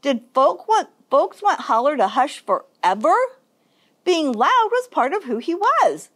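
Librarian lady reading a kids story, slow, voice bouncing all over the place. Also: sits high. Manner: expressive, sing-song storytelling. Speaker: children's librarian. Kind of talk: reading a picture book aloud.

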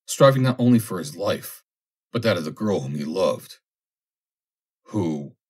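Deep-voiced man narrating an audiobook. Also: breathy edge. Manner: steady, measured storytelling. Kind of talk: scripted narration of a classic adventure story.

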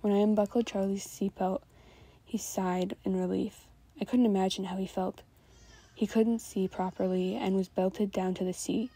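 A woman reads a story aloud at a steady pace with small slips along the way. Her voice is mellow and dark with a breathy, husky edge, close on a microphone. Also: medium pitch, moderate pace. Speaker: fanfiction reader. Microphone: new microphone.

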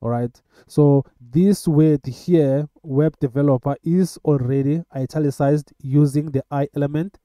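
A man teaching web coding in a screen-recorded tutorial, talking in a halting way with many filler sounds. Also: fairly high pitch, steady tone, warm tone, no room sound. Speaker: coding instructor.

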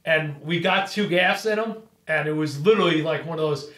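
A man's voice: fairly high pitch, brisk. A middle-aged man, an offshore fishing boat captain, telling a story in casual chat, swearing freely and acting out what he said at the time. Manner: swears freely and acts out his own quoted lines; tense, excited retelling with laughs.

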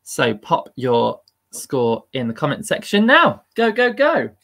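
A man's voice: a little high, wildly swooping pitch, measured pace, gravelly, a bit bright. A man hosting a live-streamed quiz, upbeat and chatty and laughing at himself. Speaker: quiz host.

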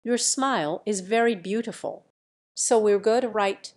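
A woman reading the part of a hot-tempered, proud young princess who speaks in a sharp, demanding, indignant way. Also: medium pitch, measured pace, natural voice. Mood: cold, demanding.

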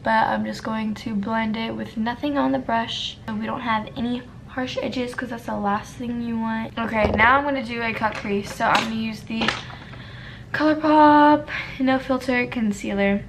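A woman's voice: fairly high pitch, fairly even intonation, normal speed, background noise. A young woman talking her way through a makeup tutorial in a casual, self-deprecating and flustered way, muttering to herself. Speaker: beauty vlogger.

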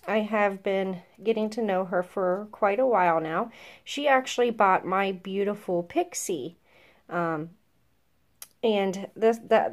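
A woman chatting casually to her viewers as she opens a gift box, soft-spoken and gushing, often stammering with excitement. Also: mid-range voice. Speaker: vlogger opening a gift box. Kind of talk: casual unboxing chat to camera.

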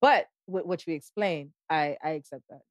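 A woman co-hosting a music podcast, giving frank, measured opinions in casual discussion. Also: low-pitched, no room sound, clean studio sound. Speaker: podcast co-host.

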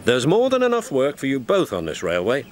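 A man's voice: medium pitch, huge pitch swings, fairly quick, voice pushed up. A man voicing a friendly railway engine driver who speaks reassuringly. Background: music score.

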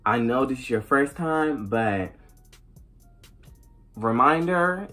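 A young adult woman vlogging a casual storytime, animated and profane, acting out the dialogue. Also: a bass voice, slow, long pauses, faint music behind.

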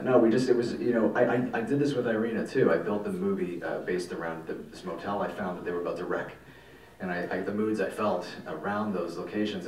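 A man, a film director telling stories at a festival Q&A, animated and rambling and swearing casually. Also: low-pitched. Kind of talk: festival Q&A storytelling. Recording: echoey hall, mic from far off.

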